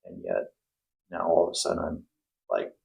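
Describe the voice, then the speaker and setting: A man's voice: a bass voice, big pitch swings, moderate pace, creaky, a little mellow, poor audio. A middle-aged man, a former plumber turned investor, talking casually in an interview with lots of fillers and restarts. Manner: rambling, many restarts and fillers.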